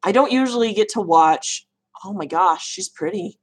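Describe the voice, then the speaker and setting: A woman's voice: medium pitch, lively intonation, moderate pace, a little hiss or hum. A woman chatting casually on a livestream, answering viewers' questions about reptiles and laughing at her own mispronunciations. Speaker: reptile keeper answering live chat questions.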